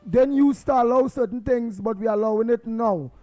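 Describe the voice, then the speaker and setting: A Trinidadian man hosting a call-in radio show, emphatic and sometimes shouting. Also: very high-pitched, moderate pace, dry recording. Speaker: radio host.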